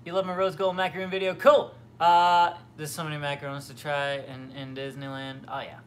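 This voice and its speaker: A young man hosts a casual livestream from his home kitchen, near the fridge, reading and answering viewer comments. His voice is on the high side and level, his pace brisk, and his chat rambles with lots of fillers and restarts.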